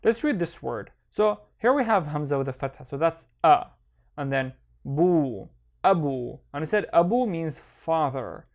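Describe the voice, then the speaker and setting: A man teaching a reading lesson online, speaking slowly and patiently, and repeating each sound twice so learners can follow. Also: a little high, sing-song. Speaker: Arabic teacher.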